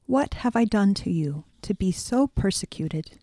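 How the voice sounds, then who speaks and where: Woman putting on a croaking old witch. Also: medium pitch, lively intonation, measured pace, mellow, no room sound. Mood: defiant. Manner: croaking, defiant. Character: spiteful old female witch, defiant.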